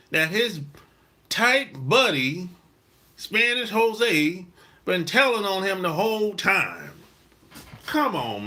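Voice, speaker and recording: A man from South Carolina, hosting a podcast and telling a story in a blunt, emphatic monologue with cursing and drawn-out stresses. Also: high voice, pushed and bright. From South Carolina, USA. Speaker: podcast host. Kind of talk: casual monologue.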